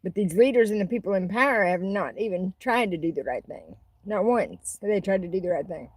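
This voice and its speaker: Woman from Arkansas, livestreamer, husky mid-pitched voice, blunt and rambling. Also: a little mellow. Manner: blunt, rambling, talks back to chat. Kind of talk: casual livestream chat.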